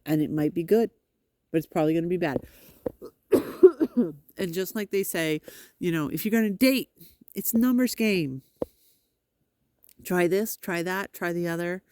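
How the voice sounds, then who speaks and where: A woman's voice: lowish voice, dark tone, no room sound. A woman venting in a rambling, frustrated monologue, swearing and talking to her cats outdoors on a road. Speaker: vlogger.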